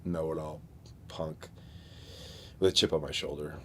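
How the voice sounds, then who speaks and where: A man's voice: rumbling low, flat delivery, a little slow, pushed and bright, slight background noise. A middle-aged man, a wrestler being interviewed, telling stories in a casual, laid-back way and swearing often.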